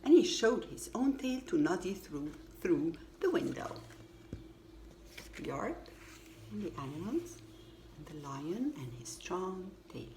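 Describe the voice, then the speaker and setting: Lively woman reading a storybook aloud. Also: lowish voice, unhurried. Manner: lively, expressive reading with acted quotes. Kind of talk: children's storybook read-aloud. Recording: echoey room with faint ambient noise.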